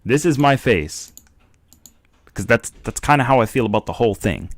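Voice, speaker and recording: Animated young man, dry close mic. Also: mid-range voice, normal speed, dry recording. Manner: animated and joking. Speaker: streamer reacting to a video. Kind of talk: casual live commentary.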